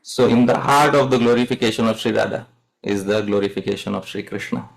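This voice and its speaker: A man's voice: on the low side, quick pace, vocal fry, poor audio. Man teaching a devotional class. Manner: asks the audience questions, addresses them as dear devotees. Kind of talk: devotional lecture with call-and-response chanting.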